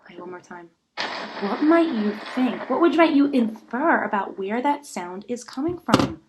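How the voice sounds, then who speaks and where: Animated woman teacher, higher voice. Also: moderate pace, noisy background. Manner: animated, with frequent gasps and rhetorical questions. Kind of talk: recorded online lesson for children.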